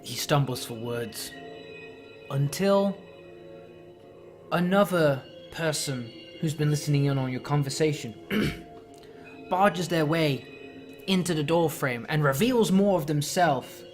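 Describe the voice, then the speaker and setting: A man running a horror tabletop game as game master, narrating loosely with many fillers. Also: on the high side.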